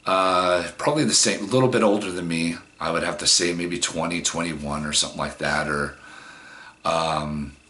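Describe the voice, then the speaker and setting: A man's voice: low voice, fairly even intonation, moderate pace, sharp tone. A man in his forties telling a personal story in a casual, rambling way, with plenty of swearing and fillers. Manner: rambling, profane, many fillers. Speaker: vlogger.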